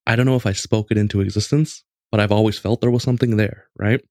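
A man in his late twenties casually telling a story in a lively, conversational way, with lots of restarts. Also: fairly low pitch, fast talker, dry recording, clean studio sound. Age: late 20s.

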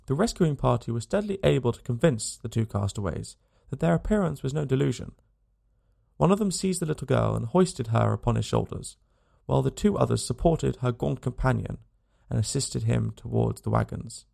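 A man narrating an audiobook in a measured storytelling manner. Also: mid-range voice, lively intonation, vocal fry, dark tone. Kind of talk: scripted narration.

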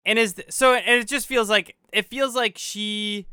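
A man's voice: high voice, fairly even intonation, normal speed, sharp tone, clean tone, no echo, studio quality. A man hosting a casual podcast chat, reflecting on what he hears and thinking aloud.

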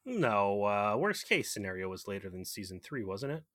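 A man's voice: lowish voice, very animated, normal speed, a bit bright, dry recording. A man co-hosting a casual podcast, riffing on an episode with jokes and swearing. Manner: joking, profane riffing. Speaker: podcast co-host. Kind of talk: casual chat.

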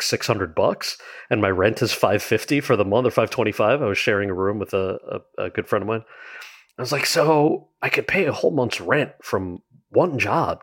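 Actor guy chatting in an interview, lowish voice, does little quoted asides, lots of "like". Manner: animated, frequent "like" and quoted asides. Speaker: actor and writer, interview guest. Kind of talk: conversational storytelling.

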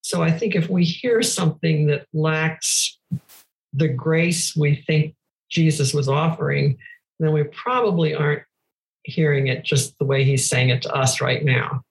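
An older woman speaking as a podcast guest, reflecting thoughtfully and gently on scripture in conversation. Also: deep voice, a little slow, rough recording.

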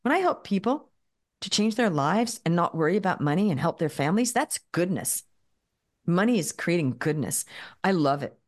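Woman, fifties or so, kinda low voice, animated chatty storyteller on a podcast. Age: fifties or older. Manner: animated storyteller acting out quoted dialogue; quick talker who repeats and restarts words. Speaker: guest business coach. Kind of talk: conversational podcast interview.

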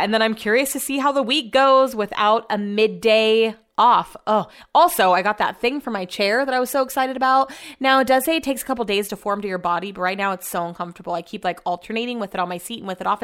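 A young adult woman chats loosely to her audience in a casual vlog. She rambles from thought to thought in an upbeat, unscripted way and leans on "like" all the time. Her voice sits at an ordinary pitch for a woman. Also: fairly bright tone. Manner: rambling, upbeat, chatty with lots of "like". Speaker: vlogger.

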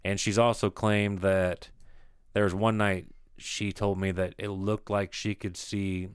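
Male podcast co-host, very low voice, dry close sound, relaxed and casual. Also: unhurried, smooth, no room sound. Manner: relaxed, reacts with short agreements. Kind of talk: casual chat.

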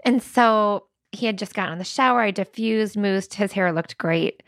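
Candid woman with a gravelly voice. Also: mid-range voice, moderate pace, a bit bright, no room sound, studio quality. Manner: candid and confessional, laughs often. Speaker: podcast co-host. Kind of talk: casual chat.

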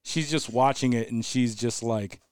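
Laughing, rambling podcast host. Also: male voice, mid-range voice, normal speed, darkish tone, smooth, no room sound, studio quality. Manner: laughs often, swears, rambling. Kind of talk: casual podcast banter. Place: studio.

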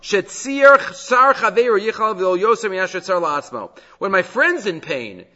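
A man's voice: high-pitched, moderate pace, in a large hall, lo-fi sound. A man teaching a class on the weekly Torah portion, reading Hebrew verses aloud and then explaining them in English. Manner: animated, reads Hebrew verses then translates.

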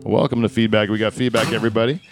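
A man's voice: on the low side, little pitch movement, very fast, loud music behind the voice. A man hosting a casual comedy podcast in a studio, rambling through joking sponsor reads with lots of filler words. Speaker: podcast host. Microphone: studio mic.

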